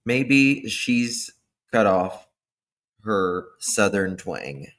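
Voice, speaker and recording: A man's voice: on the low side, very animated, drawn-out words, a bit bright. A man hosting a casual livestream, chatting loosely and thanking viewers by name. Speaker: livestream host.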